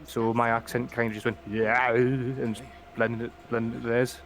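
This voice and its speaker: A man's voice: medium pitch, little pitch movement, moderate pace. A man with a Geordie accent from Northern England, chatting casually and rambling through a let's play. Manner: rambling, filler-heavy talk. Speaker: streamer. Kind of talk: casual chat.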